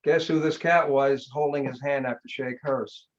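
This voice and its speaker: A man's voice: medium pitch, fairly even intonation, moderate pace. Blunt, emphatic man telling a story. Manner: emphatic, blunt, punchy short phrases. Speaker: hypnotherapist guest. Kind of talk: storytelling in a podcast interview. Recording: slightly dull lo-fi sound.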